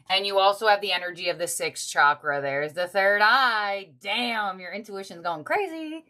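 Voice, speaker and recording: A woman's voice: mid-range voice, sharp tone. A woman giving a casual tarot reading, chatty and heartfelt, thinking aloud as she goes. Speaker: tarot reader.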